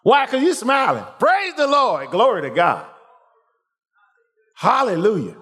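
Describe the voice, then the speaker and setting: A man's voice: sits high, unhurried, slightly rough. A man preaching a sermon in call-and-response style, pushing the congregation to answer him. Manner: animated, calls for congregation responses.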